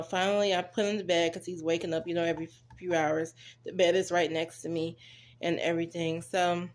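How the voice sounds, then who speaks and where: A young woman with a low-pitched voice, telling a story in a loose, chatty way. She talks straight to her viewers and acts out what other people said. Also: a little mellow. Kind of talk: casual storytelling to camera.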